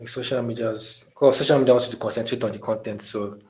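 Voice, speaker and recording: A man's voice: medium pitch, brisk, rough recording. Man teaching a live online design class. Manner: relaxed, many fillers and restarts, asks the audience questions. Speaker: design instructor.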